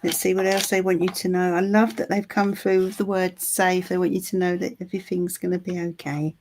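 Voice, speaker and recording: Gently reassuring woman reader. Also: lowish voice, flat delivery, a little hiss or hum. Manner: soothing, reassuring, calls the listener "my love"; halting, with many ums and restarts. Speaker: tarot reader. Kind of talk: live-streamed psychic reading.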